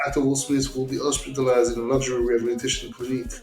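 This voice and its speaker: Man in an echoey room, blunt and halting. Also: mid-range voice, flat delivery, darkish tone, soft background music. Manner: halting, many restarts, blunt and worked up. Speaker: podcast guest. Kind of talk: casual chat.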